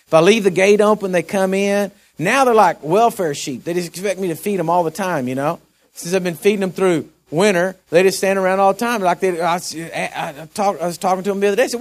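A pastor preaching a sermon in a high, lively voice. He talks in a folksy way and works himself up until he is shouting.

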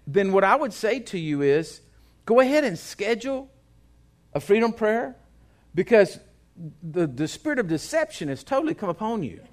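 A man's voice: high-pitched, big pitch swings, normal speed. A man, a pastor preaching a sermon in a folksy, joking way with asides to the congregation. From Texas.

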